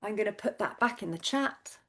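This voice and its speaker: A woman in her thirties, a vocal coach gently and encouragingly guiding a voice and breath workshop over a video call. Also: mid-range voice, animated, normal speed. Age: 30s.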